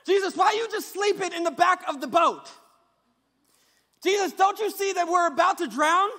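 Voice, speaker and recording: A man voicing panicked disciples who shout and plead with a teacher in a storm. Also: extremely high pitch, moderate pace, long reverb tail, pitched above the performer's own voice. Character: panicked young male disciples on a boat.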